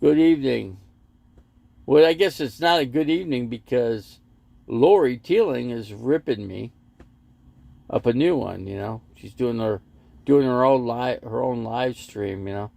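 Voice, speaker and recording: A man's voice: mid-range voice, unhurried, creaky, warm tone, dry recording. A man hosting a casual live stream from his RV, rambling between stories and reading viewer comments aloud. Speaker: livestream host. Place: inside an RV parked in a lot.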